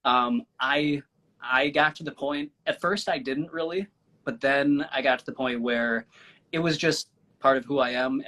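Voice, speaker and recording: Halting man co-host from Minnesota. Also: medium pitch, sharp tone. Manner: hesitant, halting, many fillers. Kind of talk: casual chat.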